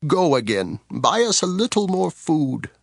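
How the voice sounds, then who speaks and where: An actor playing an aged, grieving father in a dramatized scripture reading, with a slow, sorrowful delivery. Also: fairly high pitch, very animated, vocal fry, no echo, studio quality, full character voice. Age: older. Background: backing music.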